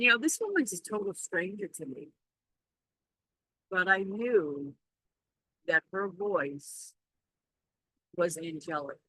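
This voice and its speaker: Slow, rambling spiritual vlogger. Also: mid-range voice, pushed and bright, no room sound, low-quality recording. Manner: rambling, reflective, self-reassuring. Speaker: Reiki practitioner and reader. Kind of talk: casual spiritual vlog talk.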